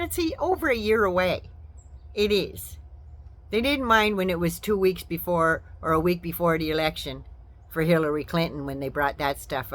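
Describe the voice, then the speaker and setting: A woman's voice: lowish voice, a bit bright. An older woman vlogger delivering a casual, sarcastic political commentary rant with mocking asides.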